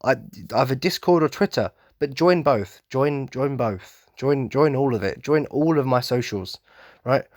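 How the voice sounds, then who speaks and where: A man's voice: medium pitch, measured pace, a little mellow, no room sound, studio quality. A man hosting a casual solo podcast rant, rambling and going off on tangents, enthusiastic and self-mocking. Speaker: podcast host.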